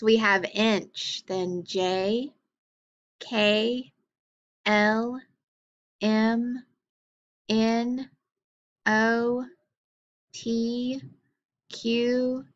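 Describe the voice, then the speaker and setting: A woman teacher leading a phonics lesson, naming letters and sounds slowly and patiently. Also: fairly high pitch, a bit bright. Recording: dull lo-fi recording.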